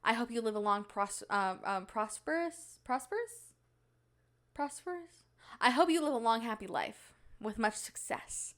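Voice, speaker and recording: A woman's voice: a little high, moderate pace, fairly bright tone. A nineteen-year-old woman hosting her own podcast from a small home studio, rambling and chatty with lots of fillers. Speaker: podcast host. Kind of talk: casual solo podcast chat.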